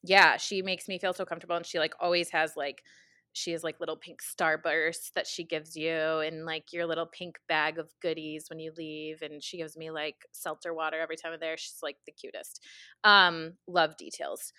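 A young woman in her twenties telling a funny story in casual chat, animated and full of fillers and laughs. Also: low voice, moderate pace, clean tone, dry recording, clean studio sound. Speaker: podcast co-host.

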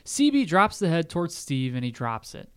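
A man co-hosting a casual podcast, reading a plot summary and tossing in jokes as he goes. His voice sits a little high and moves through a wide, lively pitch range. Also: normal speed, smooth. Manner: reads plot summary with jokey asides. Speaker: podcast co-host recapping an episode. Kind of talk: casual recap chat.

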